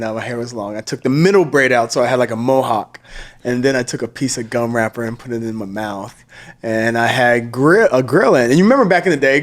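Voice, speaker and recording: A man co-hosting a casual podcast, telling stories in a laid-back, rambling way with frequent laughs. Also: medium pitch. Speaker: podcast co-host.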